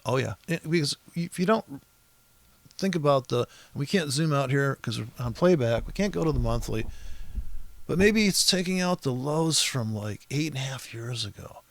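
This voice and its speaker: A man's voice: medium pitch, animated, normal speed, creaky, dry recording. A man walking through a trading chart in a profane, exasperated, rambling rant. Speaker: trading educator. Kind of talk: profane ranting chart walkthrough.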